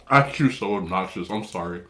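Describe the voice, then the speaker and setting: A man's voice: mid-range voice, lively intonation, moderate pace, fairly bright tone, a little hiss or hum. Chatty, slightly nasal man eating on camera. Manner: rambling, chatty, talks between bites. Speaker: food vlogger. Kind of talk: casual mukbang chat while eating.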